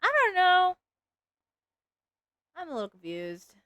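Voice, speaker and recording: A woman's voice: extremely high pitch, wildly swooping pitch, slow pace, sharp tone, dry recording, highs cut off. A woman streamer chatting casually while she draws, rambling along with lots of "like" fillers. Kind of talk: casual livestream chat while drawing.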